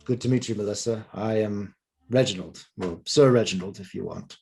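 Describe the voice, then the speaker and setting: A gallant, courteous knight speaks gently in slightly formal words, voiced by a man in a tabletop game. The voice is low and husky. Faint music and keyboard typing sit behind. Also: normal speed.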